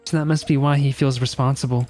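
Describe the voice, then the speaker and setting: A man voicing a polite, helpful young AI program in a game, speaking gently and analytically. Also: mid-range voice, steady tone, quick pace, faint music behind, lightly acted. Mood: earnest.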